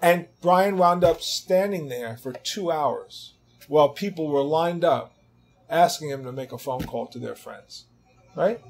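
Older guy in his 60s, slightly high voice, telling road stories all animated, swears a lot, does the voices of people he quotes. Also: measured pace. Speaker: interview guest, rock guitarist. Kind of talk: casual anecdote telling.

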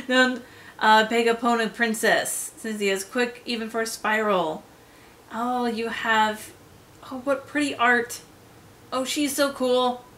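Bright gushing woman reviewer. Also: fairly high pitch, steady tone, slow, a little hiss or hum. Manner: gushing, drifts into soft whispers; chatty, fillers and self-corrections. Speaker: game lair reviewer. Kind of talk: casual solo review vlog.

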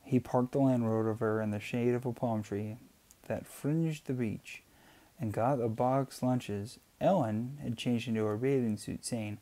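A man reading a novel aloud in a steady voice, with occasional slips and restarts. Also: medium pitch, moderate pace. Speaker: amateur reader. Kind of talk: audiobook reading.

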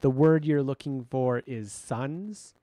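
A man doing a crisp, cutting woman. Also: a little high, sing-song, slow, darkish tone, dry recording, pitched above the performer's own voice, full character voice. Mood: indignant. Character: crisp, indignant adult daughter, a woman.

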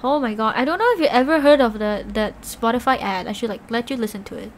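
A woman live-streaming, chatting loosely with her viewers and rambling through her stories with plenty of filler words. Her voice sits a little high. A faint noise runs under the recording. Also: quick pace. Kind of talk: casual live-stream chat.

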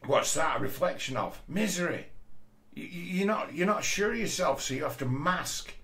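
A man's voice: a little high, expressive, normal speed, vocal fry, fairly bright tone. A middle-aged man, talking bluntly in a sweary casual monologue. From Rochdale, England. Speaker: commentator.

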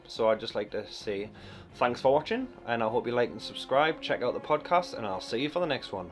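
A man's voice: mid-range voice, big pitch swings, moderate pace, soft background music. A man with a Geordie accent giving casual, self-mocking let's-play commentary full of crude jokes. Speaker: gameplay commentator.

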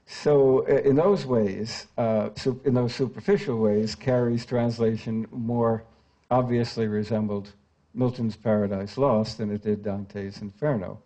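A man's voice: medium pitch, fairly even intonation, a little slow, mellow. An older man giving a scholarly lecture as a translator, with frequent "uh" fillers between phrases. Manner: scholarly, with frequent "uh" fillers, reads quoted verse aloud.

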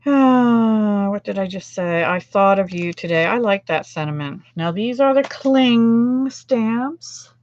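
A woman's voice: mid-range voice, animated, takes it slowly, few pauses, a little mellow, no room sound, highs cut off. A middle-aged American woman demonstrating card making on a livestream, chatting with viewers and laughing at her own mistakes. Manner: chatty, self-deprecating, laughs often.

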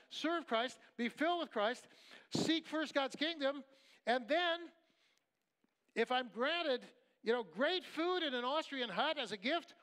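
A middle-aged man preaching a sermon at a camp meeting, emphatic and conversational, dropping to quiet storytelling at times. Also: extremely high pitch. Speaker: pastor.

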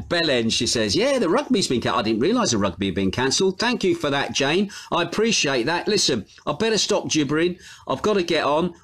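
A man's voice: a little high, a bit bright. A British man hosting a casual live stream from home, rambling and chuckling as he reads out viewers' comments. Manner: chatty, rambling, chuckles often.

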